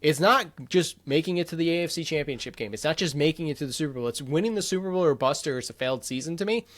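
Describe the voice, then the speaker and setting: A man's voice: a little high, fast, a bit bright. Blunt, opinionated male podcast host. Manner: opinionated, blunt, rattles off scores. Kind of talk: casual sports podcast chat.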